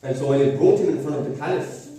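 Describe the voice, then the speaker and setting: Male preacher, devotional sermon, half-sung grief, mellow tone, distant in a boomy hall. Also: quick pace. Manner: builds from quiet storytelling to wailing, half-sung grief. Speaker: speaker at a mourning gathering. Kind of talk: devotional sermon with chanted lament. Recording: echoey hall, voice from far off mic.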